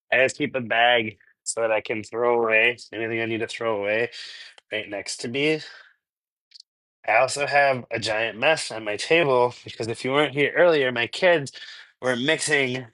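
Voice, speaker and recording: A man's voice: mid-range voice, fairly bright tone, dry recording, low-quality recording. A man from Minnesota hosting a casual live cooking stream from his home kitchen, chatty and rambling, laughing often and answering chat. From Minnesota, US Midwest. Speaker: cooking channel host.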